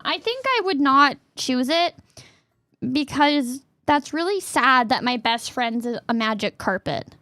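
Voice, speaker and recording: A woman streamer chatting casually and reading questions aloud, giggly and playful, sometimes bursting into a yell. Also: high voice, lively intonation, measured pace, no room sound, clean studio sound.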